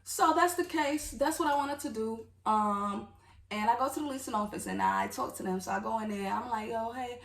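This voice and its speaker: A woman's voice: a little high, normal speed, fairly bright tone, recorded from a distance. A woman telling a personal story in a casual, candid storytime vlog, talking straight to her viewers with emotion. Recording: echoey room, voice off-mic.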